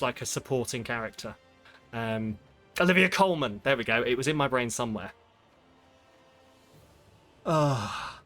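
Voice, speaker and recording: A man's voice: mid-range voice, a bit bright. A British man chatting casually with viewers as he plays, making jokes, rambling and mocking himself. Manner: joking, rambling, self-mocking. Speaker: streamer. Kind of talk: casual gameplay chat with viewers.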